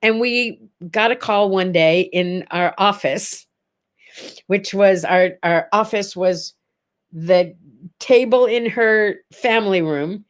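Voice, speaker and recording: An older woman hosting a casual morning chat, telling stories with lively energy and acting out the voices of the people in them. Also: medium pitch. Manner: animated, acts out quoted voices in stories. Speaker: livestream host.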